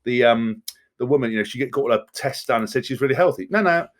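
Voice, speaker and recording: A man in his thirties, a former rugby player from England, talking bluntly and with swearing as a podcast guest. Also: mid-range voice. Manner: blunt, profane, fast-talking. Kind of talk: candid podcast conversation.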